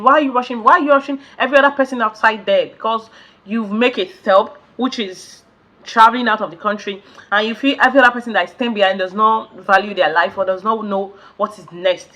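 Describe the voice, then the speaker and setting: A woman's voice: on the high side, sharp tone. A Nigerian woman vlogger talking straight to camera in a casual rant, emphatic and repeating her points, pleading with her listeners.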